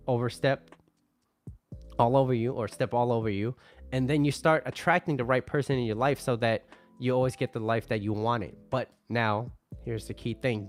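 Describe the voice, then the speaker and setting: Casual advice guy, mid-pitched man, chatty and loose, soft music underneath. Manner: loose and conversational, tags lines with "right?"; acts out angry customers in mock voices. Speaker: relationship advice creator.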